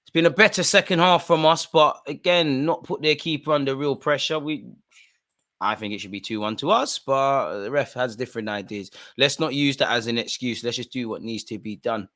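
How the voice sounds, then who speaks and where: A man co-hosting a live football watch-along, exasperated and heckling the referee, dropping into mutters and rising to shouts with plenty of street slang. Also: medium pitch, normal speed. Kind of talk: live match commentary and banter.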